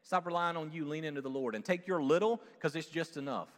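A man pastor preaching a sermon, animated and humorous, with playful asides. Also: on the high side, fast talker, big-room sound.

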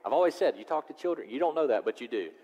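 A male pastor preaching a sermon. He moves from loud, rising preaching to quiet, reflective passages. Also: mid-range voice, rapid-fire. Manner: animated, swings from loud preaching to soft reflection. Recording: long hall reverb.

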